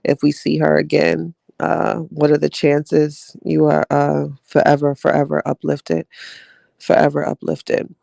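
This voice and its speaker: This podcast host's voice is low, gravelly, and warm, delivered in an unhurried monotone with clean studio sound and no echo. Reading the live chat, she talks with listeners in a chatty, heartfelt drawl, calling them "child" and "y'all" a lot.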